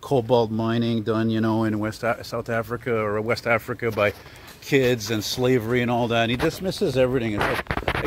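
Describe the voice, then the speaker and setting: A man's voice: medium pitch, steady tone, a little fast. Man, chatty and digressive, talking to a handheld camera while walking outdoors, light traffic hum. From Canada. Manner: chatty, digressive, filler-heavy. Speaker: vlogger. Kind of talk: rambling walking vlog. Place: outdoor city street.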